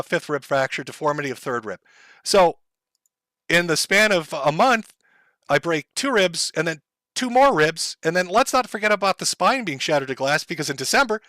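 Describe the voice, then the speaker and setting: A middle-aged man rants on a live stream, heavy with sarcasm and mocking taunts. His voice sits a bit high for a man and comes across bright and forceful, recorded dry and close. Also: no room sound. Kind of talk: sarcastic livestream rant.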